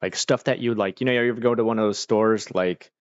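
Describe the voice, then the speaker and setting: A man's voice: lowish voice, steady tone, quick pace, no room sound, dull audio. A man casually telling rambling stories on a chill stream, loose and full of fillers.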